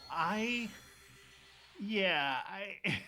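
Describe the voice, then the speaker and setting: A man chatting excitedly while playing a game live on stream, laughing often and reacting quickly. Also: sits high, faint music behind. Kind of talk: live gameplay chat.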